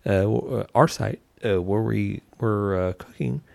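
A man's voice: on the low side, measured pace, vocal fry, darkish tone, no echo. A man telling a story in casual chat, acting out his own lines. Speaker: barbecue team member.

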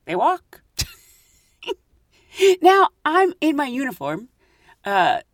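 A chatty woman host tells airline stories with a lively, swooping voice that sits a bit high. She laughs easily between beats. The sound is close and dry. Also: takes it slowly, no room sound. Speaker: podcast host and flight attendant. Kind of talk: casual anecdotal storytelling.

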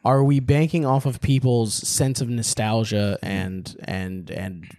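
A man's voice: medium pitch, fairly even intonation, measured pace, a little mellow, no room sound, studio quality. A man co-hosting a podcast, talking in a laid-back way and thinking aloud with repeated words. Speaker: podcast co-host. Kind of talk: casual podcast chat.

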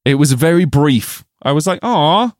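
A man's voice: medium pitch, sing-song, moderate pace, dry recording, clean studio sound. A man co-hosting a comedy film podcast, swearing, joking and laughing often in casual chat. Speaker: podcast co-host.

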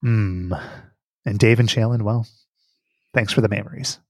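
A man's voice: lowish voice, fairly even intonation, measured pace, dry recording, clean studio sound. A man hosting a podcast, chatting casually with frequent laughs and swearing. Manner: laughing, rambling, profane. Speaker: podcast host.

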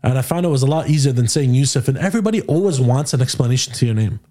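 A young Canadian man hosting a podcast, chatting casually and telling animated stories full of quoted dialogue and slang. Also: mid-range voice, very fast, crowd noise. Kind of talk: casual storytelling chat.

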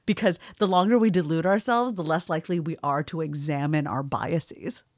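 A woman's voice: low voice, normal speed, a little mellow, no room sound, clean studio sound. A woman co-hosting a podcast in casual chat, giggly and talkative, often restarting her sentences. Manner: giggly, chatty, frequent restarts. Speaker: podcast co-host.

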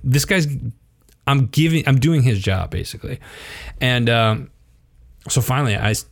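A man in his thirties, appearing as a guest on a podcast, tells stories during a casual interview. His mid-range voice moves at a normal pace, and he's animated, raising his voice whenever he acts out quotes.

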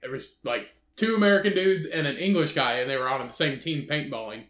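A man co-hosting a podcast, chatting casually with crude jokes and animated storytelling. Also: mid-range voice, brisk, echoey room. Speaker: podcast co-host. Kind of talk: casual chat.

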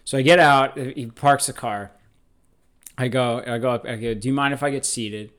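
Rambling, animated man telling a story. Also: mid-range voice, moderate pace. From Los Angeles. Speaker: podcast co-host. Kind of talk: casual storytelling chat.

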